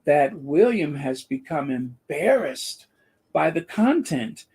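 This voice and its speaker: A man's voice: fairly high pitch, sing-song, takes it slowly, darkish tone, husky. A man hosting a commentary channel, talking in a sarcastic, rambling monologue full of fillers and restarts.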